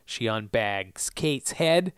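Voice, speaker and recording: A man's voice: medium pitch, expressive, takes it slowly, clean tone, no echo, clean studio sound. A man co-hosting a podcast in casual chat, recapping TV episodes in a laid-back, joking way. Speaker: podcast co-host.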